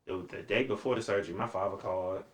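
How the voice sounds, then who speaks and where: A man telling his story as a podcast guest, animated and acting out other people's voices. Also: sits low, fast. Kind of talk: casual storytelling.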